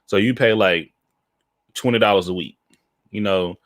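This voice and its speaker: A man tells a story in a casual podcast chat. He is animated, keeps checking in with his listener and slips into other people's voices. The mic sound is dry and close. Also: fairly low pitch, moderate pace, no room sound. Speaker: podcast co-host.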